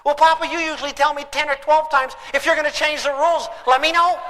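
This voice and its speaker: A man voices a cheeky boy who talks back with an innocent tone. The voice is very high and bright. It has the long reverb of a large hall. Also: steady tone, fast talker. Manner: sassy, innocent-sounding. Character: cheeky boy answering his father back.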